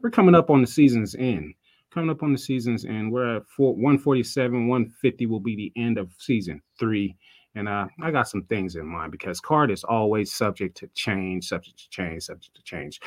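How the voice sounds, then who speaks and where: American man, podcast co-host, lively voice, swears and hums, dry close sound. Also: mid-range voice, fairly quick, dry recording. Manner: loose, laughing, swears freely, hums to himself. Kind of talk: casual chat.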